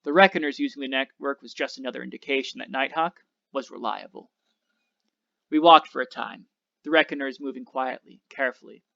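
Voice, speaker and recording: Teacher reading a novel aloud, gravelly. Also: male voice, mid-range voice, fairly quick, bright, forceful tone, highs cut off.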